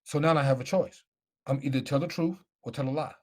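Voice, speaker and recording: Speaking fast in a medium-pitched voice, a middle-aged former football player recounts his life as a guest speaker. He is emphatic and often repeats himself.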